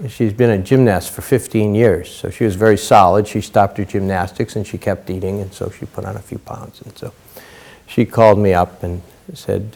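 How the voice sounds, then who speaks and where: A man's voice: on the low side, steady tone, normal speed, creaky, a little mellow. A middle-aged man giving a dharma talk as a Zen teacher, telling stories casually with many fillers.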